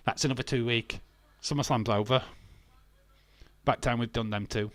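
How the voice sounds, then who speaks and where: Male stream host, mid-pitch, dry close sound; blunt casual ranter who swears a lot and laughs. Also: steady tone, moderate pace, fairly bright tone, dry recording. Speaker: wrestling watch-along streamer. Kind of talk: casual ranting commentary.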